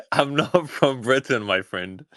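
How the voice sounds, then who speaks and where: Brief: New Zealand-accented male caller, low voice, hesitant, dry sound. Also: a bit bright, no echo. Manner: hesitant, halting, with fillers. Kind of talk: phone-in debate.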